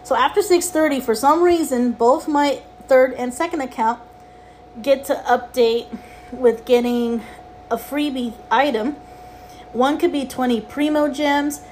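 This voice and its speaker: A woman's voice: high voice, a little slow, darkish tone, a little hiss or hum. A woman hosting her own podcast, rambling casually about mobile games, cursing freely, with exasperated asides. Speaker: podcast host.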